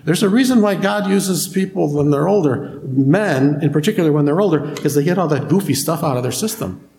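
A man preaches to his congregation, retelling scripture in a relaxed, conversational way and stopping to put questions to the room. His voice sits a little high for a man. The sound echoes through a church hall. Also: brisk, gravelly. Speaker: pastor. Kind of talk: sermon.

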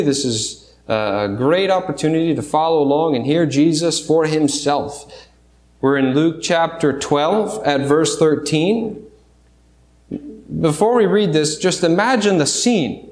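A man's voice: a little high, echoey room. A man preaching a sermon in a church, talking through scripture in a conversational way with restarts and rhetorical questions. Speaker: pastor. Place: church sanctuary.

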